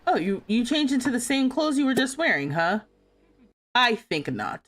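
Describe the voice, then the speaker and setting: Young adult woman streamer, bright, very lively pitch, casual game commentary, playful and indignant with chat. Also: normal speed, slight background noise. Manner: animated, laughing, playfully indignant, talks back to chat. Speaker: livestreamer playing a life sim game.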